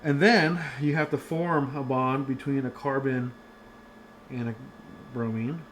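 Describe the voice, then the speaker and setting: A man's voice: mid-range voice, steady tone, unhurried, a little hiss or hum. A man giving a casual online chemistry lecture from home, chatty and rambling with many fillers and restarts.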